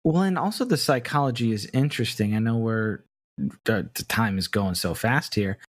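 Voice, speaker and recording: A man's voice: fairly low pitch, moderate pace, no room sound. A man in a casual podcast discussion who talks analytically and laughs easily. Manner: amused, analytical, laughs often.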